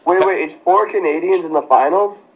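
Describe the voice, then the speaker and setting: A man's voice: high voice, brisk, low-quality recording. A man co-hosting a casual podcast, teasing and joking with the others. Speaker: podcast co-host. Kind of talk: casual chat.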